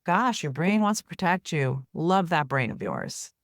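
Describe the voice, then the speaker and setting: A woman therapist and author, appearing as a podcast guest, explains things earnestly in a conversational interview and often checks in with "right?". Her low voice is sing-song and a little slow, captured in a dry, clean studio recording.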